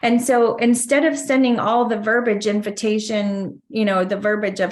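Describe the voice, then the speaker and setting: A woman's voice: mid-range voice, little pitch movement, moderate pace. A woman organizing an event in a casual planning meeting, chatty, acting out sample invitations as she talks. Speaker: event organizer sharing tips.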